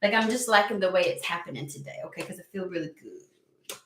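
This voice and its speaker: A woman giving a casual, animated tarot reading to her viewers, swearing freely as she talks through the cards. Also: fairly low pitch, a little fast, a little hiss or hum. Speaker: tarot reader. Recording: roomy echo.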